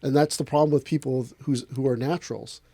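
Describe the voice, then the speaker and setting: A man, an aikido instructor, in a casual podcast talk, telling lively stories and acting out other people's lines. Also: mid-range voice, brisk, dry recording. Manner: animated storyteller acting out other people's voices.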